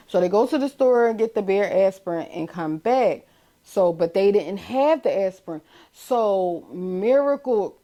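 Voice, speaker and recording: Grieving Philadelphia mother, halting speech. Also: on the low side, darkish tone. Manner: halting, emotional retelling with many restarts. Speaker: bereaved mother. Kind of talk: documentary interview testimony.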